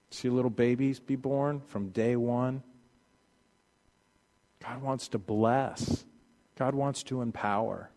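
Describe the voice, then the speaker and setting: A man preaching a sermon, swinging from loud pleading passages to hushed, quiet ones. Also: medium pitch, big-room sound. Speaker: pastor.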